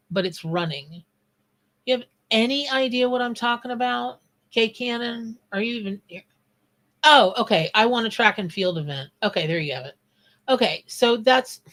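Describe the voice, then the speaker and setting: Speaking a little high at a moderate pace, a woman reads tarot live. She's a psychic whose talk drifts around, often stopping partway through an idea to greet people commenting in the chat.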